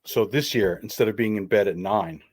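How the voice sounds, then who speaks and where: A man's voice: fairly low pitch, a little fast, a little mellow, no echo, studio quality. A man co-hosting a live stream, chatting in a laid-back way with fillers. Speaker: co-host. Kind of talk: casual chat.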